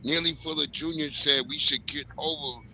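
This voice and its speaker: Heated, cursing man with a sharp voice. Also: on the high side, fairly even intonation, normal speed, slight background noise, low-quality recording. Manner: heated, profane, launches into rants. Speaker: podcast panelist. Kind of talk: casual panel discussion.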